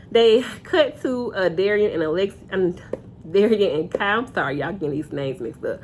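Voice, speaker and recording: A woman's voice: mid-range voice, expressive, normal speed, darkish tone, slight background noise. Young woman chatting thru a reality show recap, opinionated, talking straight to her viewers on a phone. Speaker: reality TV reviewer.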